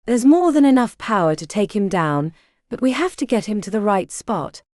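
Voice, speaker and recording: A woman's voice: medium pitch, big pitch swings, normal speed, darkish tone, dry recording, clean studio sound, natural voice. A woman reading the part of a determined young female mage who lays out a battle plan in an audiobook.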